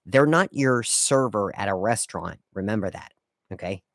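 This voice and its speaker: A man with a fairly low voice hosts a casual solo podcast, recorded close and dry with no room sound. He lays out rules in a wry, lightly lecturing way. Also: animated, moderate pace, a bit bright, no room sound. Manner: wry, lecturing etiquette tips. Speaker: podcast host.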